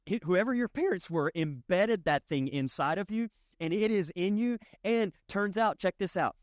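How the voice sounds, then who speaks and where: Southern pastor, conversational sermon. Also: male voice, sits high, moderate pace, few pauses, no room sound, clean studio sound. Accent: Southern US (East Tennessee). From East Tennessee. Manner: conversational, animated storytelling with frequent restarts. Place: church.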